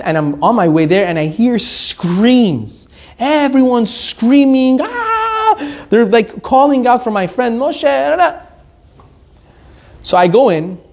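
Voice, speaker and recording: Lively, joking man teaching Torah. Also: sits high. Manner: lively, joking, laughs often, mixes in Hebrew terms. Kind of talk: animated Torah lesson with storytelling.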